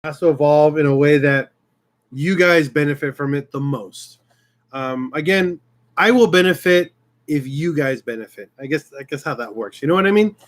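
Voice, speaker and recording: Speaking at a moderate pace in a fairly high voice, a man runs a casual live-stream chat on his own YouTube channel. His talk to viewers is rambling and sincere, and he gets emotional and restarts frequently.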